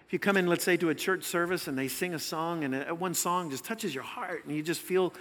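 A male pastor with a high, bright, forceful voice preaches to a congregation. He talks in an animated storytelling way and sometimes acts out the people he quotes. His voice carries a long reverb, as from a large church hall. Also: brisk. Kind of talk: sermon.

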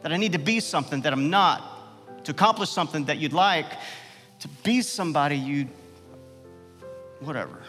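A man's voice: lively intonation, moderate pace, long pauses, fairly bright tone, long reverb tail, soft background music. A man preaching a sermon with passion, asking the listeners questions and letting his voice swell at key points. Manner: passionate, rhetorical questions, swells in pitch and volume. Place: church sanctuary.

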